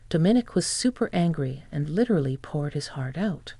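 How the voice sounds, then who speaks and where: A woman's voice: low-pitched, expressive, moderate pace, gravelly, dark tone, breathy edge, no room sound. A woman giving first-person narration of a family drama story in a plain-spoken, dramatic way.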